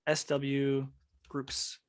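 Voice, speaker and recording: A man teaching a music production workshop over a video call, explaining technical details in a relaxed, casual way with plenty of fillers. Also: medium pitch, very slow.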